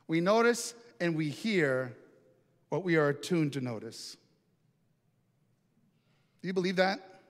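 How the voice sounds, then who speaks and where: A man's voice: on the high side, fairly bright tone. A man preaching a sermon, telling a story in a conversational way and asking the congregation questions. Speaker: pastor. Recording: echoey hall reverb.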